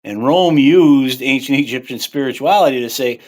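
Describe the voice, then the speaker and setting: A man's voice: moderate pace, darkish tone. A man hosting a livestream, talking in a rambling, casual way, with many "right?" and "you know" fillers. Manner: rises in pitch and volume on quoted lines. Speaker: livestream host.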